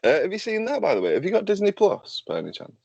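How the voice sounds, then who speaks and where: A man's voice: high-pitched, huge pitch swings, fast talker, creaky, a little mellow, breathy edge, no room sound, dull audio. A man hosting a casual podcast chat, loose, sweary and joking. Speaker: podcast host.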